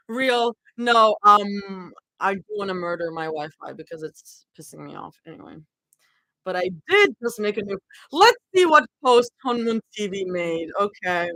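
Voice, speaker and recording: A woman's voice: medium pitch, sing-song, moderate pace, bright, forceful tone, no echo, poor audio. Giggly, chatty young woman streamer. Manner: giggly, chatty, easily sidetracked. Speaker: streamer reading fan fiction live. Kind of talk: casual live reading and chat.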